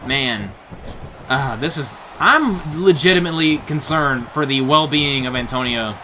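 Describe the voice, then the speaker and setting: A young man giving excited play-by-play commentary on a wrestling match, reacting with gasps and laughs. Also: mid-range voice, measured pace, slight background noise. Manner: animated, gasping "oh no" reactions, laughs often. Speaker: play-by-play commentator for a video game wrestling show.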